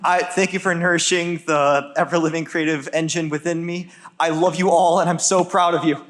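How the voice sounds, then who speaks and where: High-voiced young man graduate. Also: level tone, heavy background noise. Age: young adult. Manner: heartfelt, hurried. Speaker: graduating student.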